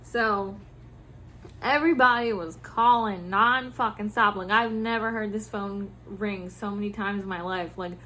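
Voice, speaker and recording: A woman vlogger venting about her workday in animated, profane casual talk, laughing often. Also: medium pitch, unhurried. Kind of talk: casual venting about work over a drink.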